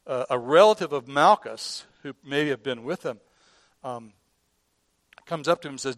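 A man preaching a sermon in an earnest way, who often repeats and restarts words and drops from loud emphasis to a hush. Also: on the high side, moderate pace, no room sound. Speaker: pastor.

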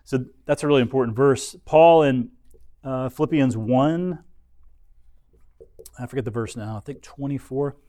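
A man's voice: medium pitch, normal speed, long pauses, warm tone, no room sound, studio quality. A man teaching a Bible lesson in an explanatory way, often restarting his sentences. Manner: explanatory, frequent restarts and fillers.

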